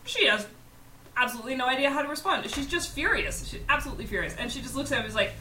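A woman describes her character's actions during a tabletop game in a casual tone. Her voice is fairly high and bright. It carries a roomy echo, with faint music behind. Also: lively intonation, rapid-fire, slight background noise. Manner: casual narration with fillers. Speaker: player. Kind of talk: tabletop role-play.

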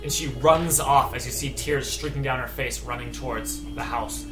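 A game master narrating a tabletop game in a descriptive, slightly halting way. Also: mid-range voice, steady tone, roomy sound, music in the background.

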